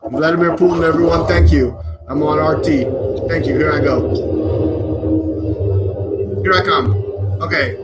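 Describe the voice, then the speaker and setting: A man putting on a comic Russian leader with a fake Russian accent and halting broken English. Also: a little high, over loud music, lightly acted. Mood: boastful. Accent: put-on Russian accent.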